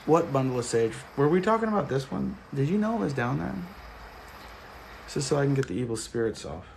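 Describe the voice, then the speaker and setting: A man's voice: mid-range voice, animated, brisk, vocal fry, slight background noise. A man hosting a casual livestream, chatting loosely and joking while reading comments. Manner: laid-back, joking, chatty. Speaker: livestream host.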